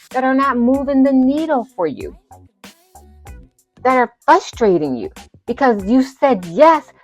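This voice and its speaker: A woman hosting a motivational podcast, emphatic and preacherly, repeating phrases for effect and turning playful at times. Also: sits high. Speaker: podcast host.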